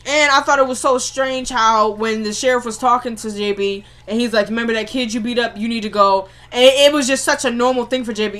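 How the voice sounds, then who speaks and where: A woman's voice: fairly high pitch, brisk, fairly bright tone. Chatty woman recapping a TV episode. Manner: chatty, retells scenes acting out the characters' lines. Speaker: TV recap vlogger.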